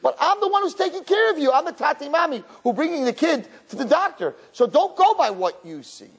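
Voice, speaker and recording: A man's voice: fairly high pitch, very animated, slow pace, slightly rough, heavily acted. A man voicing God, speaking urgently and emphatically to reassure Moses.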